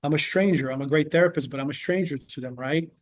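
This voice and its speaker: A man's voice: on the high side, fast. A man working as a therapist, talking in a casual interview and explaining earnestly with patient examples.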